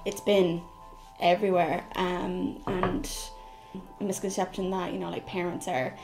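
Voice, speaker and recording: A woman's voice: fairly low pitch, flat delivery, measured pace, gravelly, over music. A young woman with an Irish accent, speaking casually in an interview and laughing easily. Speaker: documentary interviewee. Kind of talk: personal interview testimony.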